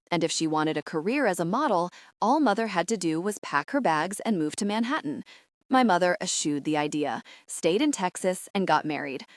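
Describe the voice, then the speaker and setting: A woman giving wry, expressive first-person narration of a romance audiobook. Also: fairly low pitch, dry recording, studio quality.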